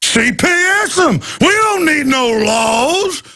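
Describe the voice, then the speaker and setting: A man putting on a Southern accent to play a bossy, loud small-town cop. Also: very high-pitched, sing-song, slow pace, pitched above the performer's own voice, full character voice. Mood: gloating. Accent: put-on Southern US.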